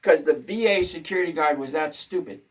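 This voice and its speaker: A man's voice: fairly high pitch, fairly quick, slightly rough, rough recording. A man hosting a casual talk show, ranting indignantly and repeating his points for emphasis. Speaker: host.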